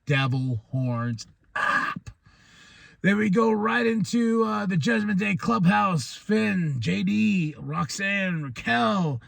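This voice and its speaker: A man from New Mexico hosting a podcast, excitedly recapping a wrestling show, laughing often and acting out what the wrestlers said. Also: high-pitched, takes it slowly, vocal fry, no echo. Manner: excitable, laughs often, acts out quoted lines. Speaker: podcast host.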